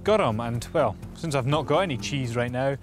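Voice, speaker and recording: A man's voice: mid-range voice, animated, moderate pace. A young man presenting a Gaelic learning show, cracking puns in a playful, upbeat manner. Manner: punning, jokey, upbeat. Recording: music bed behind voice.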